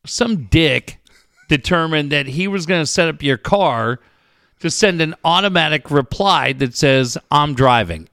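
A man's voice: a little high, a bit bright, no echo, clean studio sound. A man from the San Diego area in casual chat, ranting with profane mock anger.

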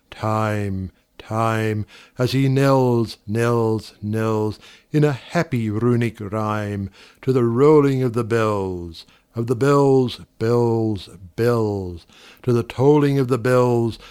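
A man recites verse in a slow, deliberate cadence, letting repeated words swell and fall. His voice is smooth and resonant, with a theatrical, dramatic delivery. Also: on the low side, darkish tone. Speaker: poetry reader.

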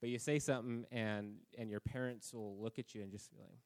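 A man's voice: fairly low pitch, steady tone, brisk, gravelly. A man preaching a conversational sermon at a church service, telling anecdotes about himself. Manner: casual, self-deprecating, anecdotal. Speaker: pastor.

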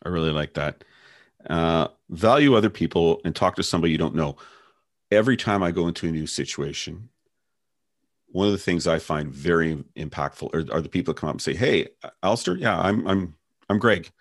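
A man's voice: extremely low pitch, a little fast, dry recording, clean studio sound. A man co-hosting a podcast, reflective and telling personal anecdotes in casual conversation. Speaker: podcast co-host.

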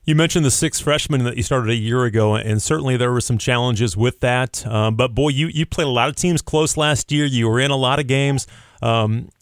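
A man's voice: medium pitch, normal speed, clear, resonant tone, no room sound, clean studio sound. Upbeat male radio sports host. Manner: friendly, upbeat questioning with fillers.

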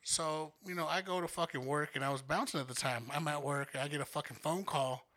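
Young man, podcast co-host, casual storytelling, heavy swearing, bright forceful voice, slightly high. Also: a little fast. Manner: profane, animated storyteller acting out quotes.

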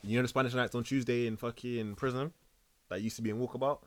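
A man's voice: mid-range voice, steady tone, fast. A man in casual chat, laid-back and teasing, with street slang.

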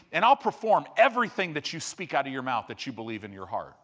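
A man preaching a sermon in an animated storytelling style, acting out quotes as he teaches. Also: mid-range voice, fast, few pauses.

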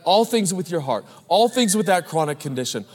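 A man in his thirties preaching a sermon as pastor, animated, telling stories and calling out to the congregation. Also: high voice, a little fast. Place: large church. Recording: live church hall with long reverb.

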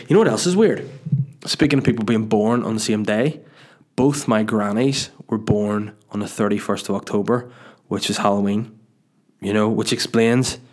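A man hosting his own podcast from his dining room, telling a profane, self-mocking, rambling story with stumbles and restarts. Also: fairly low pitch. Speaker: podcast host and stand-up comedian. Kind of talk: casual solo podcast storytelling.

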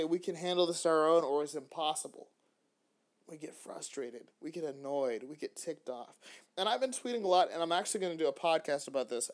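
A man hosting a faith-based podcast, talking in an animated way with frequent restarts. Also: high-pitched. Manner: animated, acts out little dialogues, frequent restarts. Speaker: podcast host.

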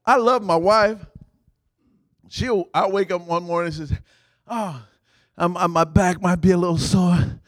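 A man preaching a sermon in call-and-response style, prompting the congregation to finish his lines and rising to shouts. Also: sits high, a little slow, pauses often, no echo.

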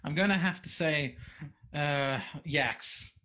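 A man's voice: fairly high pitch, slow pace, pushed and bright. A man co-hosting a casual podcast, talking in a stammering, self-interrupting way. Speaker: podcast co-host. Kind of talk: casual chat.

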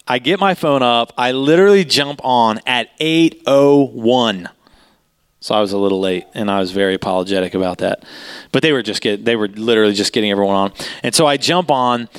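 A man, a pastor, telling a story in a sermon, animated and rising in pitch as he gets excited. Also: clean tone.

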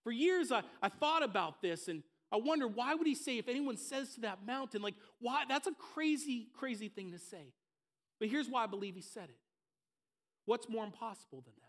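High-pitched impassioned male pastor. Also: lively intonation, normal speed, a bit bright. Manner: building to impassioned, emphatic repetition. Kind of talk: sermon. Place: church service.

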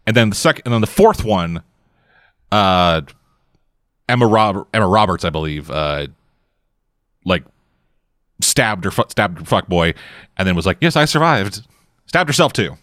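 Man, mid pitch, lively intonation, rambling, lots of fillers, dry close sound. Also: a little slow, pauses often, no echo. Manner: rambling, heavy on filler words. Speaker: co-host reacting to a film. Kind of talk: casual watch-along commentary.

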